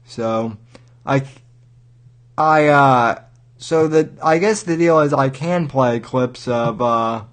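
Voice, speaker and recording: A man hosting a livestream, giving rambling, wry commentary and halting with many restarts. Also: medium pitch. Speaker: livestream host.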